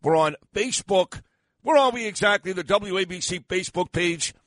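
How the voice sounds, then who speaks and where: An older man hosts a morning radio show in a studio, rambling and joking at his own expense. His voice is a little high and worn, and he sounds tired, like he is losing it. The sound is dry and close. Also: moderate pace, fairly bright tone, no room sound. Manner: rambling, self-mocking banter with frequent fillers.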